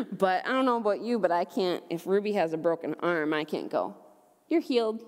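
A young adult woman leading a children's message, her voice rising and falling with lively, upbeat energy. She speaks gently to the children and asks them simple questions. Her voice carries a long reverb through the church sanctuary. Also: fairly low pitch, moderate pace. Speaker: children's ministry leader.

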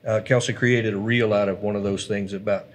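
A man's voice: on the low side, fairly even intonation, fairly quick. Pastor guy talking earnest on a church stream, reading comments out. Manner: earnest, preacherly, reads viewer comments aloud. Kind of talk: casual church livestream chat.

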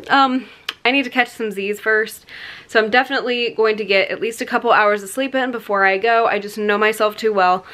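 A young woman talks to her camera in a loose, rambling vlog style, full of ums and likes. She sounds tired. Her voice is bright and forward. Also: a little high, normal speed, clear, resonant tone, rough recording. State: tired late at night. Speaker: vlogger. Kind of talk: casual vlog talk to camera.

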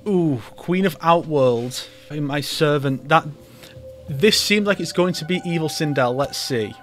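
A man's voice: fairly high pitch, a little slow, faint music behind. A man hosting a YouTube video, giving comedic commentary with wry, sarcastic asides. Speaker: YouTuber host.

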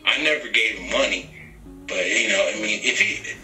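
A man's voice: on the low side, normal speed, bright, forceful tone. A man on a podcast clip, speaking in a dismissive, mocking way about others. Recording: echoey room with faint music.

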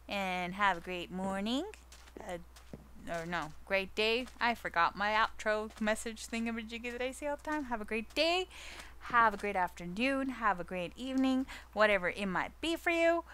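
Bubbly young woman with a bright, lively voice. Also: slight background noise. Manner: bubbly and playful, coos at her pet in a high baby-talk voice. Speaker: gaming channel host. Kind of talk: casual gameplay commentary.

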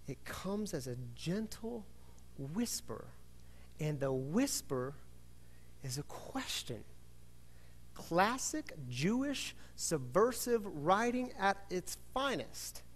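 Male pastor, slightly high voice, animated storytelling sermon, long church reverb. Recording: reverberant hall.

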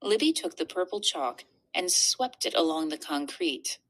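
A woman narrating a children's book aloud. Her reading is expressive and animated, with a lively, wide-ranging pitch. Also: normal speed. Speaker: reader. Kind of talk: storybook narration.

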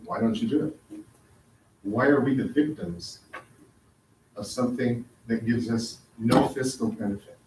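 A man's voice: mid-range voice, a little slow, pauses often, a little mellow, slight background noise. A man speaking at a public hearing, earnest and insistent as he confronts officials. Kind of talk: public comment at a council meeting. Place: council chamber. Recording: echoey hall, mic from a distance.

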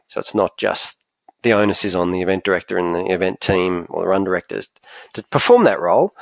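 Male podcast host, low gravelly voice, dry close sound, easygoing. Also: no echo. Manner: easygoing, agreeable, lots of "yeah". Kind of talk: casual podcast chat.

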